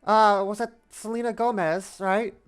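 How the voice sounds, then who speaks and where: A woman's voice: medium pitch, steady tone, measured pace, clean tone, faint music behind. A woman in her twenties streaming a game, chatting casually, rambling and playfully repeating herself. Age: 20s. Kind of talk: casual let's-play chat.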